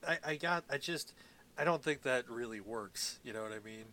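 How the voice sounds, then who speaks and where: A man co-hosting a casual movie recap, laughing often and tossing in quick profane jokes. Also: medium pitch, bright, forceful tone. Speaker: podcast co-host.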